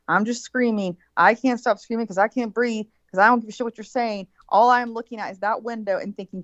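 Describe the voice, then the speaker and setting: A woman's voice: medium pitch, brisk, few pauses, a bit bright, dry recording, highs cut off. A woman in casual chat, telling a vivid, profane story and acting out the quotes of the people in it. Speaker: birthday guest.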